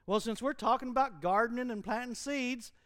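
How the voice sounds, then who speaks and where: Animated pastor, middle-aged man, high bright voice, jokes and mimics hellfire preachers. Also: a little fast, no echo, clean studio sound. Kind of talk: sermon. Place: church.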